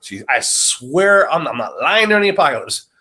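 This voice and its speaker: A man in a casual podcast chat, telling an animated story, swearing freely and acting out what people said. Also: on the high side, normal speed. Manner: animated storyteller who swears and acts out quotes.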